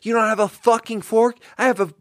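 A man playing an enraged older diner, screaming and swearing at the top of his lungs. The voice sits far higher than the speaker's own and stays loud and strained throughout. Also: steady tone, brisk, no echo, studio quality, close to an everyday voice. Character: furious older male restaurant customer, foul-mouthed.

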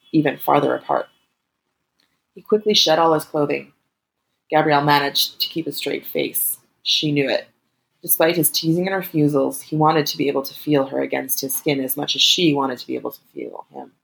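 Gravelly woman narrating a story. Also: deep voice, steady tone, moderate pace, low-quality recording. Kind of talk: scripted erotic story narration.

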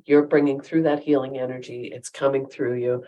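Low-voiced woman, emphatic. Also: flat delivery, moderate pace, mellow, lo-fi sound. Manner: emphatic, firm opinions. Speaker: podcast co-host. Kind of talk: casual chat.

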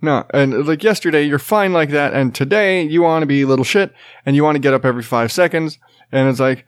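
A man's voice: a little high, fairly quick, clear, resonant tone, no room sound, studio quality. A tired man in his thirties, a podcast host and father, chatting casually, rambling and restarting sentences, laughing often and swearing casually. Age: 30s. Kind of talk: casual chat.

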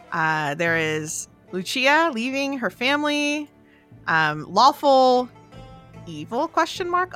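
Female podcast host, bright tone, upbeat and casual. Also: mid-range voice. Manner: upbeat, recapping with fillers.

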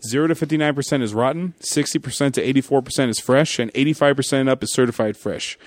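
A man's voice: medium pitch, no echo. A man hosting a casual podcast, running a quiz game and reading out movie trivia. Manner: fast, reads trivia and game rules.

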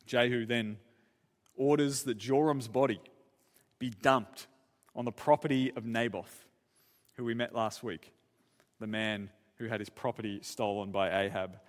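A man's voice: mid-range voice, fairly bright tone. A man preaching a sermon, retelling a story with casual asides and repeated words. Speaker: pastor. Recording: long church-hall reverb.

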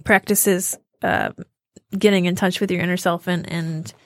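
A woman co-hosting a podcast, telling stories in a rambling, halting casual chat. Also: on the low side, fairly even intonation, no room sound, studio quality. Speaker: podcast co-host.

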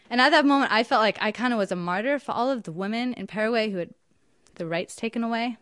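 Young woman, personal story, emphatic, indignant, mid pitch, dry. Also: fast, fairly bright tone, clean tone, no echo.

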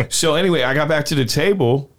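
A man telling a story in casual podcast chat, animated, swearing and laughing as he goes. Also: a little high, a little fast.

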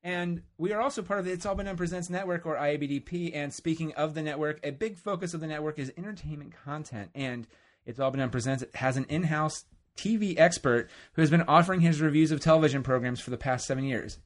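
A man's voice: a little high, quick pace. Joking man hosting a podcast. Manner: jokey, rambling, self-mocking. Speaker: podcast host. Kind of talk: casual podcast chat.

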